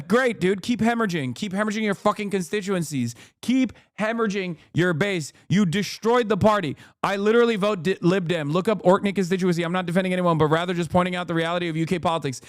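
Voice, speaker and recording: A man's voice: high-pitched, fast, few pauses, no echo, clean studio sound. An American man giving heated, profane and sarcastic commentary while reacting to clips. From United States. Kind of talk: ranting commentary.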